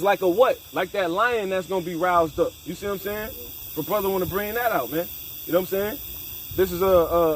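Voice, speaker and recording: A man's voice: high-pitched, a little hiss or hum, poor audio. A man leading a casual scripture discussion, emphatic and profane, mixing street slang with Bible reading. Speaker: scripture study leader.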